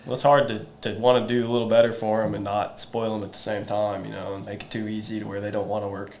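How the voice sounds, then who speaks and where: A man's voice: fairly low pitch, little pitch movement, quick pace, darkish tone, slight background noise. A man, a guest telling easygoing stories in a casual podcast chat. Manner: easygoing, storytelling. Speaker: podcast guest, metals company rep. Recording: roomy echo with faint ambience.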